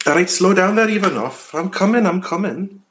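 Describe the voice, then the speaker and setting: Picture a cheerful, easygoing pilot with a drawling country twang, his voice pushed higher and louder than usual, as a man puts him on. He sounds good-natured as he plays along with his friends. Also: lively intonation, brisk, a little hiss or hum. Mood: hurrying. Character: goofy country-accented male pilot, easygoing.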